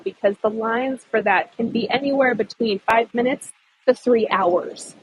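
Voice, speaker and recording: A woman's voice: a little high, breathy edge, dry recording, poor audio. A young woman tour guide chatting casually on a live stream, bubbly and talkative, thanking viewers and answering their comments.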